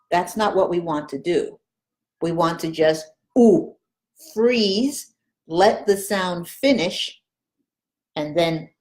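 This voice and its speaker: A woman's voice: mid-range voice, darkish tone. A woman teaching Spanish pronunciation in an online lesson, patiently modeling each sound and coaching the listener.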